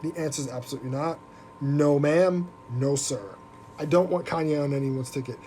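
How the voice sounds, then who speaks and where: A podcast host ranting on a live stream in an animated, profane, mocking way. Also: male voice, on the high side, moderate pace, slight background noise. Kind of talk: casual live-stream rant.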